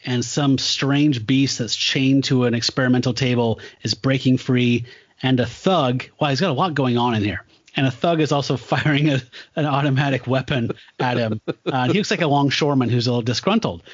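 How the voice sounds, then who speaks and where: A man's voice: mid-range voice, no room sound, lo-fi sound. A man co-hosting a podcast, chatting casually about comic books, rambling with frequent ums and chuckles. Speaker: podcast co-host. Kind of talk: casual comic book chat.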